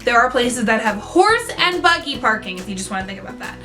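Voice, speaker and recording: A woman's voice: a little high, sing-song, brisk, bright, forceful tone, soft background music. A young woman from central Pennsylvania chatting to camera in a bubbly, self-mocking way. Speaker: vlogger. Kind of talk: casual chat to camera.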